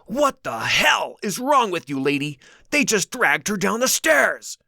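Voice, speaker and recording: A man voicing an angry, protective father, a former soldier who shouts at the people around him. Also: a little high, expressive, moderate pace, creaky, dry recording, clean studio sound, pitched above the performer's own voice, exaggerated voice. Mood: furious. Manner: furious, shouting.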